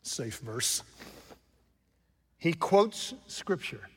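A man preaching a sermon from the pulpit, jumping from loud emphatic lines to hushed asides and putting questions to his congregation. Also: fairly high pitch, very animated, extremely slow, husky. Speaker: pastor. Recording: long reverb from a large hall.

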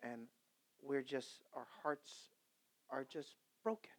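A man preaching a sermon in a mid-range voice. He swings between fervent, loud exhortation and soft, confiding anecdotes. He often turns to his congregation with quick conversational asides. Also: mid-range voice. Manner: impassioned, swinging from loud exhortation to hushed storytelling. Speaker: pastor.

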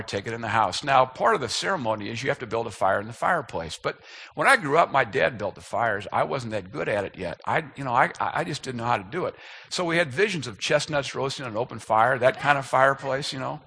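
Husky, forceful man telling a funny story. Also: medium pitch, animated, fast talker. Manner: self-deprecating storyteller. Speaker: speaker. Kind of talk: humorous personal story in a sermon.

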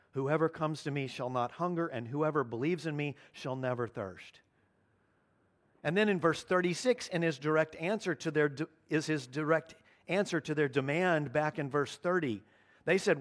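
A man preaching a sermon as pastor, earnest, slowing down to stress key lines. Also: medium pitch. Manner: earnest preaching, slows down for emphasis.

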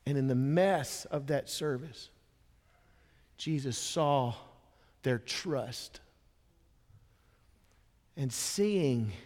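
Slow, dramatic preacher in a reverberant hall. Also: male voice, medium pitch. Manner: dramatic storytelling, swings from hushed to impassioned. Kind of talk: sermon.

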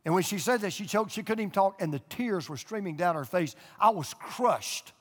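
In a fairly high, husky voice with lively intonation, an older man preaches at a moderate pace, telling down-home stories and pressing his points with emphatic repetition. He's a pastor addressing an in-person and online audience, his voice ringing out through a large church auditorium with a long reverb tail.

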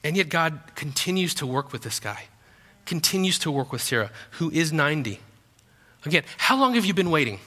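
A man's voice: on the high side, sing-song, fairly quick, pushed and bright. A young man preaching a sermon as pastor, talking in a conversational, joking way. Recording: long hall reverb.

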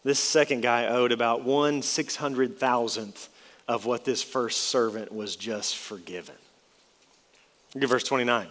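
Preacher in a reverberant church hall. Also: male voice, mid-range voice, a little slow, a bit bright. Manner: expository, emphatic, rising and falling dramatically. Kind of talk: sermon.

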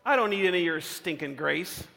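A sneering, defiant young schoolboy, put on by a male preacher telling a story. The voice sits high and bright. It rings with a long reverb off a large hall. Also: animated, a little fast, vocal fry, heavily acted. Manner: sneering, brash.

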